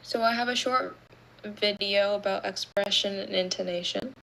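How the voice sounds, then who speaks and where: A woman's voice: mid-range voice, moderate pace, vocal fry, poor audio. Woman teaching with easy fillers. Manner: relaxed, explanatory with fillers. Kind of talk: online class teaching.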